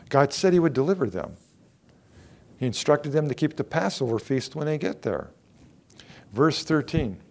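A man's voice: mid-range voice, darkish tone. Earnest male preacher with a mid-range voice. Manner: earnest, repetitive emphasis, rising and falling in intensity. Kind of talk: sermon.

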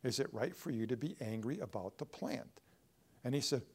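A man preaching a sermon in a church, swinging between loud emphatic lines and hushed ones. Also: mid-range voice, expressive, normal speed, husky. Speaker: pastor.

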